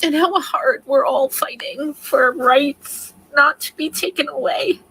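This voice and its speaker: Woman in her 40s, teary and rambling, high bright voice with a husky edge. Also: slow pace, dry recording, low-quality recording. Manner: emotional, rambling. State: tearful, shaky. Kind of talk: personal video confession.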